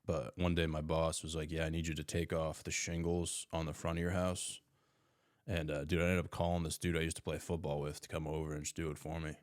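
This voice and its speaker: Young man, very low voice, podcast guest, swears a lot, says dude constantly, dry close sound. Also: flat delivery, brisk, no room sound. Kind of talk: casual chat.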